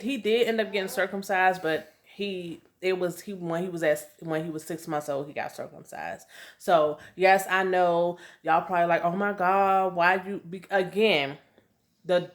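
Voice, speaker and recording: Young woman, low voice, chatty storytelling, faint background noise. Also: a bit bright. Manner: chatty, repeats herself, lots of "um" and "y'all". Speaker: vlogger. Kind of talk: casual storytelling to camera.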